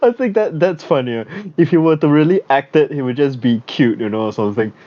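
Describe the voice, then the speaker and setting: A young man co-hosting a podcast in casual chat, animated and profane, often slipping into mock voices. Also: mid-range voice, brisk. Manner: animated, swears, acts out mock voices for laughs. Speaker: podcast co-host. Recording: slightly muffled, dull sound.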